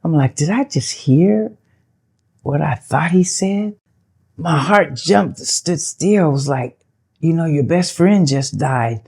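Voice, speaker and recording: An older woman, an actress being interviewed, tells her story in a loose, chatty way. She puts on the voices of the people she quotes, and her pitch jumps up when she does. Her usual speaking voice sits a bit low for a woman. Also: slow, creaky, breathy edge. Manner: animated, acts out quoted dialogue with big pitch jumps.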